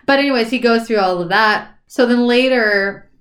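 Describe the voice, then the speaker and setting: A woman's voice: a little high, normal speed, fairly bright tone. A woman co-hosting a casual book podcast, animatedly retelling a novel's plot and acting out the characters' lines with frequent laughter. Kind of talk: casual book recap chat.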